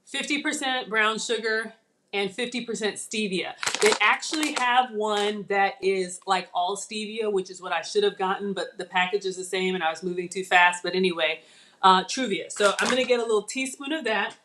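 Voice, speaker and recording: A woman's voice: medium pitch, normal speed, background noise. A middle-aged woman, hosting a chatty live cooking demo and talking viewers through each step. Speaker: channel host.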